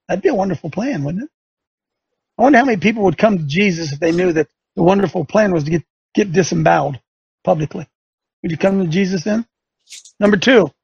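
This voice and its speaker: A man's voice: sits high, gravelly, husky, dry recording, lo-fi sound. A man hosting a religious talk show, preaching with sarcasm and rising fire. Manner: fiery, sarcastic, rising to shouts.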